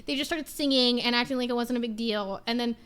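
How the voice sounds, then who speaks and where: Young woman, high voice, bright tone, casual rant, swears a lot, streamer chat. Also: fast, clean tone, soft background music. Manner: ranting storytelling, swears freely.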